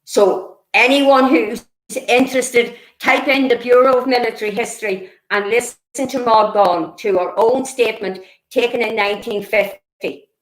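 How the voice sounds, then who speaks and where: A woman's voice: a little high, normal speed, echoey room, poor audio. A woman presenting local history, earnest and explanatory, with many fillers and restarts. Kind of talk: illustrated history talk.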